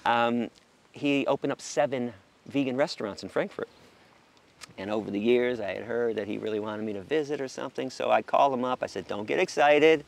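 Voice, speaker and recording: A middle-aged American man from the United States, a guest in a casual interview, telling stories in an animated, profane way and acting out quotes. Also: mid-range voice, gravelly.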